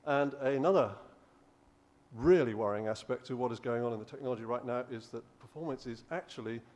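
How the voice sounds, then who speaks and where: A man's voice: mid-range voice, brisk, a little mellow. Man giving an academic lecture. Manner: explanatory, with frequent restarts and "uh". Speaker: professor and lecturer. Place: conference hall.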